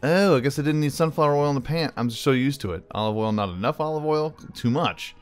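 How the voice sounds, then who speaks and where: A man's voice: medium pitch, fast talker, smooth, faint music behind. A man casually commentating his own cooking game as he plays, chatty and thinking aloud, calling the viewer "bro". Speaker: gaming channel host. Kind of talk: casual let's-play commentary.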